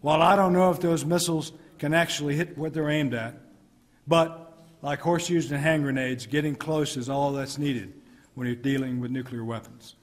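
A middle-aged American man, a military commander, delivering a formal prepared speech with measured, emphatic pauses. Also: fairly high pitch. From United States. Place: ambassador's residence reception hall. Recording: long hall reverb.

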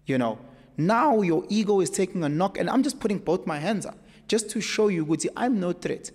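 A man with a South African accent, speaking as a podcast guest in an emphatic, animated storytelling way. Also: high voice, fairly quick. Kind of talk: casual conversation. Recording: echoey room with long reverb.

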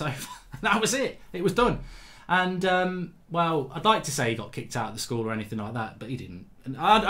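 A man hosting his show, casually telling a school story to viewers and acting out loud quotes, then saying he feels fatigued. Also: fairly high pitch. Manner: animated anecdotes with loud acted-out quotes. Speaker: host.

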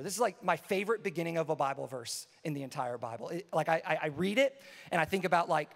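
A man preaching a sermon as pastor, energetic and casual, repeating phrases for emphasis. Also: on the high side, fast, creaky, in a large hall.

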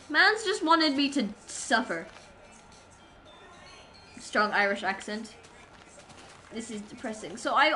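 A woman's voice: high voice, pushed and bright, poor audio. A woman livestreamer rambling in casual chat with her viewers while gaming, giggling and poking fun at herself. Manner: rambling, giggly, self-mocking.

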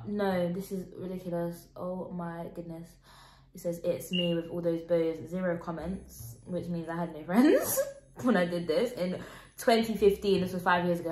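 A teenage girl with a lowish, slightly mellow voice chats in a casual reaction vlog, giggling and poking fun at herself. The room has an echo, with faint music in the background.

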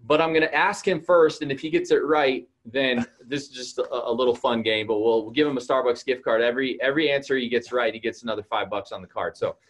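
A man's voice: mid-range voice, quick pace, few pauses. A man hosting a church event interview, speaking earnestly with many fillers. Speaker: church host. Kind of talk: hosted interview.

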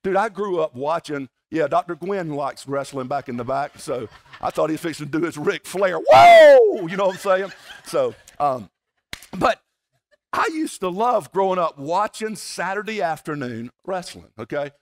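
A pastor from South Georgia with a Southern US accent, preaching a folksy, conversational sermon at a church service, with playful asides to the congregation. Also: male voice, a little high, lively intonation, moderate pace. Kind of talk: sermon with prayer and personal storytelling.

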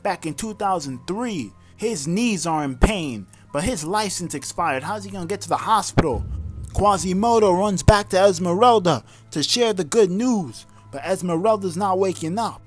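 A man's voice: high-pitched, animated, normal speed. Slangy joking play-by-play man over music. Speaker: comedic sports-style commentator. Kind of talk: comedic play-by-play commentary over a film.

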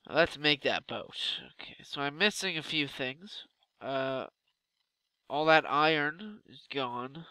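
A young man giving loud, exasperated Let's Play commentary with swearing outbursts. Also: fairly high pitch, takes it slowly, smooth, no room sound. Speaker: gaming YouTuber.

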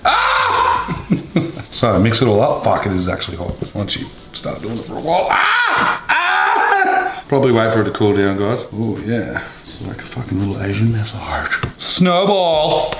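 A man's voice: fairly low pitch, brisk, creaky, reverberant, very noisy. An Australian man hosting a casual cooking show, joking crudely and swearing constantly as he cooks in a kitchen. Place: home kitchen.

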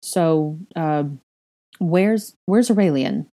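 A stiff, formal young wizard man with a low, mellow voice, read out by a woman. He speaks in a guarded, clipped way, keeping his distance. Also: slow.

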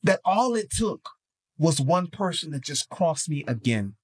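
A man with a slightly high voice talks on a faith podcast, shifting between slow, emphatic preaching and quick, slangy storytelling. His delivery is animated and conversational. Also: slightly rough. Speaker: podcast co-host.

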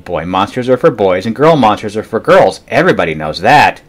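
A man's voice: on the low side, very animated, brisk. A man voicing a picky young boy at bedtime who speaks nervously and stammers. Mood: fussy.

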